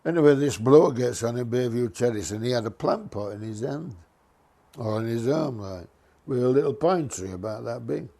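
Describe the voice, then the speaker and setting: Older man, retired bus driver type; chatty, mischievous storyteller at an ordinary pitch. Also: moderate pace. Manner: lively, mischievous storyteller, dialect grammar. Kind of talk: casual anecdote.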